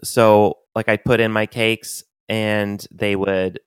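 Man, podcast co-host, relaxed casual chat, smooth resonant voice, dry close recording. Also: fairly low pitch, takes it slowly, no echo.

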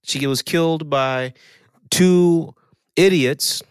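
A man's voice: slow, smooth, dry recording. A man co-hosting a casual podcast, rambling and sardonic in his opinions. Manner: sardonic, rambling, sudden pitch swings. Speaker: podcast co-host.

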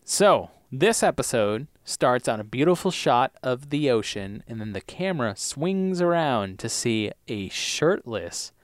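A man's voice: mid-range voice, unhurried, hardly any pauses, no echo, clean studio sound. A man co-hosting a podcast, chatting casually as he recaps TV episodes, laughing often and acting out lines. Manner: animated, laughs often, acts out characters' lines. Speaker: podcast co-host.

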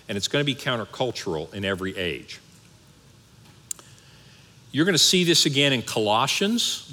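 Man, pastor, sermon, animated, bright forceful voice, long reverb. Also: mid-range voice. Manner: animated, conversational preaching with asides.

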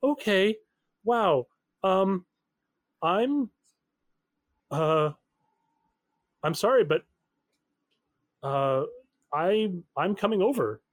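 A man's voice: high-pitched, lively intonation, dry recording, studio quality, voice pushed up, exaggerated voice. A man voicing a frantic middle-aged mother who stammers as she speaks. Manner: stammering, rushed and emotional.

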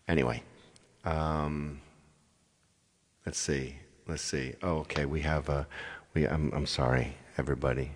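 A man's voice: rumbling low, fairly even intonation, takes it slowly, pauses often, husky, in a large hall. A man chatting casually with viewers between songs on his livestream, rambling and apologetic as he talks. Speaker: live-stream singer.

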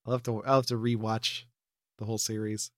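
A man's voice: on the low side, level tone, brisk, dry recording, studio quality. A man co-hosting a podcast, chatting loosely about a TV show, laughing often and swearing. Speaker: podcast co-host. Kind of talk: casual chat recapping a TV episode.

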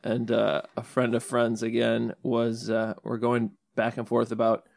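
A man's voice: mid-range voice, completely flat delivery, unhurried, gravelly, a little mellow, dry recording, clean studio sound. A young man in casual podcast chat, tossing off wry jokes. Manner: wry, joking asides. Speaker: podcast co-host.

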